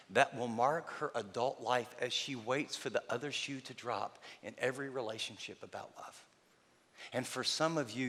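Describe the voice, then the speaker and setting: A man preaching a sermon as a pastor, speaking emphatically and then dropping to a near-hush for emphasis. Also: medium pitch. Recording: reverberant hall.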